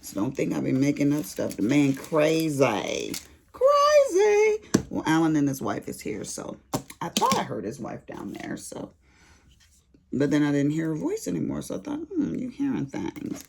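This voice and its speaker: An older woman vlogging to her viewers, telling a story in a folksy, animated way. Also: low voice, brisk, vocal fry, a little hiss or hum. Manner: animated storyteller, folksy Southern-style talk. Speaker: crafting vlogger. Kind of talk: casual chat to viewers.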